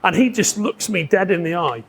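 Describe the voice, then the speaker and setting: A man telling a story in casual conversation, lively and profane, laughing often. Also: sits high, moderate pace, creaky, a little hiss or hum. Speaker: podcast guest telling stories. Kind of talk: casual chat.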